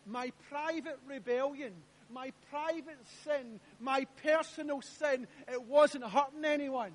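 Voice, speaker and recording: A pastor preaching in a strikingly high voice. He hammers his points by repeating them and throws questions out to the congregation. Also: takes it slowly, few pauses. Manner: emphatic, repeats phrases, asks the congregation questions. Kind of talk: sermon. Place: church.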